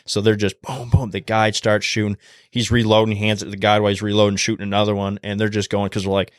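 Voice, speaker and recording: A man guest on a podcast, telling a story in a casual, animated way and acting out the quotes in a hushed voice. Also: fairly low pitch, quick pace, no echo, studio quality.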